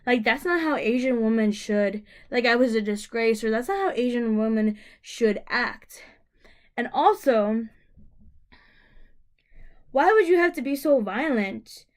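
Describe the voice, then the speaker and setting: Young woman, upset, rambling story, fairly high voice, lots of fillers. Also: measured pace. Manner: emotional, rambling, many fillers and restarts. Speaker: vlogger. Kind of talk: personal storytelling to camera.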